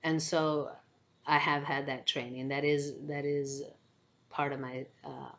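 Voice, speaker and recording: A woman's voice: low-pitched, level tone, measured pace, fairly bright tone, muffled recording. A woman vlogger telling a personal story in a casual, chatty way, laughing often between earnest asides. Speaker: spiritual vlogger.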